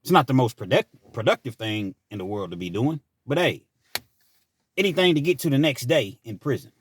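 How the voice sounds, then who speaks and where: A man's voice: medium pitch, big pitch swings, fairly quick, slight background noise. A man hosting his own channel, telling a personal story in a chatty, rambling way with asides. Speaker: channel host. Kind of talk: casual storytelling monologue.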